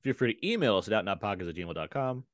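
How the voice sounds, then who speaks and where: A young man co-hosts a casual movie podcast and laughs often. He talks quickly and his pitch jumps around a lot. The sound is close and dry. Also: lively intonation, dry recording. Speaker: podcast co-host. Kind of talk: casual chat and show sign-off.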